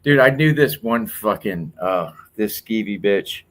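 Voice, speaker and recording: A man's voice: lowish voice, lively intonation, a little slow, a bit bright. A man on a podcast telling crude stories, swearing heavily in casual chat.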